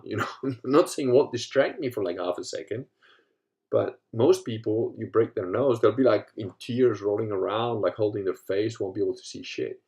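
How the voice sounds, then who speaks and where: Here a man in his 50s, an African host, runs a casual storytelling monologue at a moderate pace. He curses freely, drifting from quiet muttering to loud, lively retellings.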